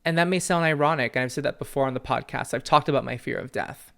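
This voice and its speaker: A young man hosting a solo podcast from home, talking candidly and earnestly, often with a soft laugh. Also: medium pitch, fast talker, creaky. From family from Peru. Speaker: podcast host, psychic medium. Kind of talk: reflective solo podcast talk. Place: at home with his dog.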